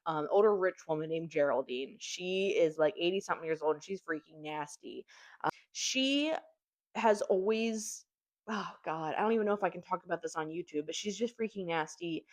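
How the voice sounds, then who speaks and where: A woman's voice: lowish voice, normal speed. Chatty young woman reviewing books. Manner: animated, chatty, with casual swearing and fillers. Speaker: book reviewer. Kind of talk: casual chat.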